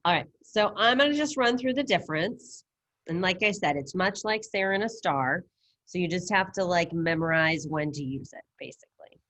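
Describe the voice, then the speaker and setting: A woman's voice: fairly low pitch, no room sound. Casual woman teaching an online class. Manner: casual, upbeat, quizzing students. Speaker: Spanish teacher. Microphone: computer mic on a video call.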